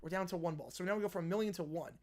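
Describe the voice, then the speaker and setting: A man's voice: sits high, very fast. A man hosting a live stream who chats and reads a story aloud, often laughing at it. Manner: chatty, laughs at what he reads.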